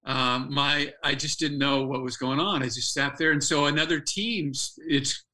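A man's voice: a little high, fairly even intonation, normal speed, pushed and bright, poor audio. An older man, a former athlete turned speaker, earnestly telling a personal story as a podcast guest, restarting his phrases as he goes.

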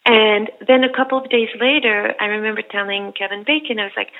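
Woman guest, chatty storyteller with a gravelly edge, heard over a thin phone-like line. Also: a little high, fairly quick. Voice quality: animated, rambling with many fillers. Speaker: actress guest. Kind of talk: casual storytelling. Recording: tinny phone-like sound.

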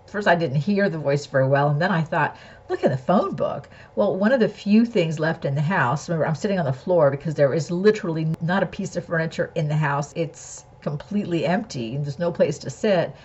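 A woman with a low, breathy voice talks candidly and earnestly, telling a personal story and turning it into a spiritual lesson. Her recording sounds slightly dull and lo-fi. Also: brisk, hardly any pauses, a little mellow.

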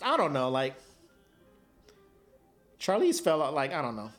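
A man co-hosting a podcast in casual banter, slangy and animated, laughing often. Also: fairly high pitch, unhurried, soft background music. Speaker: podcast co-host.

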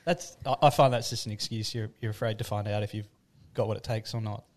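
A man's voice: lowish voice, steady tone, quick pace. Upbeat man co-hosting a podcast. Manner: upbeat, jokey, laughs often. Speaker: podcast co-host. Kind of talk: casual podcast chat.

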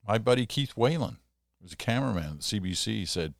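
A man's voice: deep voice, expressive, fairly quick, gravelly, dry recording, studio quality. An older man hosting a solo podcast, chatting in a rambling way with self-deprecating asides. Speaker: podcast host. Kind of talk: casual solo podcast monologue.

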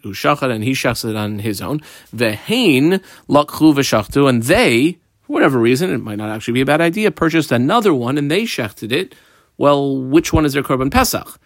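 A man's voice: medium pitch, fairly bright tone, dry recording, clean studio sound. A man teaching a page of Talmud in a conversational way, mixing in Hebrew and Aramaic terms and asking and answering his own questions. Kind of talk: daf lesson explaining the text.

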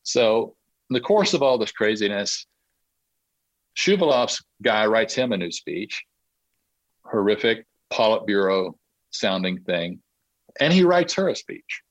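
Lively low-voiced male storyteller. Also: a little slow, pauses often, no echo, rough recording. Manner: lively storyteller who laughs through his own tale. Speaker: podcast guest. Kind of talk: anecdotal storytelling.

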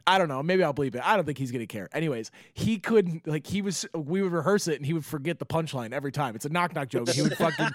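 A male comedian telling a story in a casual, animated way and laughing often as he goes. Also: a little high, quick pace, few pauses. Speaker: comedian and podcast host.

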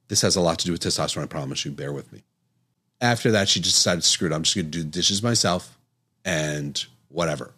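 A man's voice: deep voice, slightly rough. A middle-aged man, a physician hosting a podcast, explaining research in an earnest, conversational way and acting out bits of dialogue. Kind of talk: casual educational monologue.

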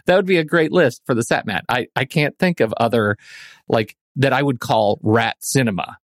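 A man's voice: medium pitch, normal speed, no echo, studio quality. A man co-hosting a film podcast, chatting casually in a playful, joking way. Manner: playful, jokey, animated. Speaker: podcast co-host. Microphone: studio microphone.

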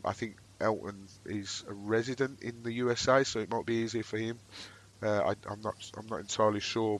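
A man with a northern English accent, co-hosting a casual football podcast, chatty and quick to laugh. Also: lowish voice. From northern England. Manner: chatty, laughs often, jokey. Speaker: podcast co-host. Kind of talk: casual chat.

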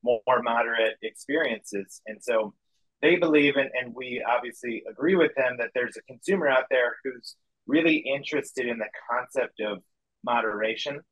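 A man speaking as a guest in a casual interview, upbeat while pitching his company's launch. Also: moderate pace, fairly bright tone, dry recording, low-quality recording.

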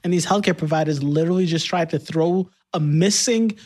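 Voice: mid-range voice, fairly quick, a little mellow. A podcast co-host talking in a skeptical, emphatic way, often laughing. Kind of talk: casual chat.

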